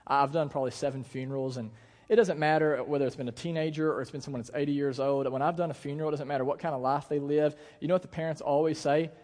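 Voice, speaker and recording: Higher-voiced pastor in a reverberant church. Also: male voice, steady tone, quick pace, a little mellow. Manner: casual, conversational preaching with many fillers. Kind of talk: sermon. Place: church auditorium.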